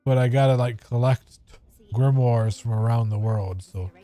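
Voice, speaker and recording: A man rambles casually as he plays, offhand and now and then profane. His voice is mellow and dark in tone, at an ordinary male pitch, with faint game music behind. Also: moderate pace. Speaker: gamer. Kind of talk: casual gameplay commentary.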